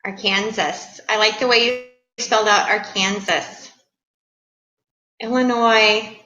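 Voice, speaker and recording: Bubbly, excitable middle-aged woman. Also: mid-range voice, slow pace, lo-fi sound. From Chicago area, USA. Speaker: livestream host. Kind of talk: live stream chat, greeting viewers. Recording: echoey room.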